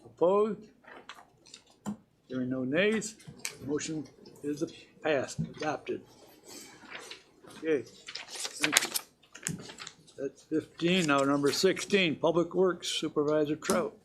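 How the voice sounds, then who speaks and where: Brisk man chairing a board meeting. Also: a little high, fairly bright tone, slight background noise. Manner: brisk procedural calls for votes. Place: county meeting room.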